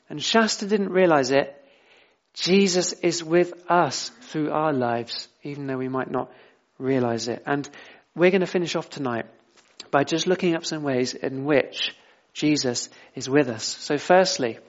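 Chatty preacher, slightly high voice. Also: male voice, dull audio. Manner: conversational, with frequent restarts and rhetorical questions. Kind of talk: informal sermon.

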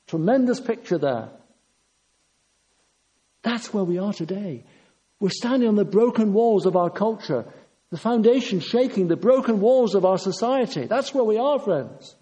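A man's voice: high-pitched, lively intonation, normal speed, mellow, low-quality recording. An older man preaching a sermon, earnest and emphatic, driving his points home with repetition.

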